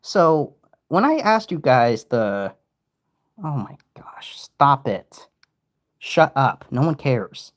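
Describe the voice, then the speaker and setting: The young man takes his time here, speaking slowly at a medium pitch as he rambles through casual livestream commentary. He's still animated and repeatedly breaks off mid-sentence.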